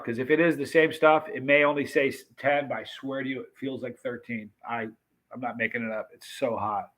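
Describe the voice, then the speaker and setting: A man's voice: mid-range voice, sharp tone. A man hosting a live stream, chatting and reading comments while his mouth burns from a very hot pepper extract, gasping and exclaiming. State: burning mouth, hiccuping.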